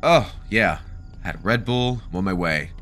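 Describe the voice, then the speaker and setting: A man giving jokey, animated let's play commentary, reacting aloud and talking back to game characters. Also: sits low, moderate pace, faint music behind. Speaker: gaming video creator.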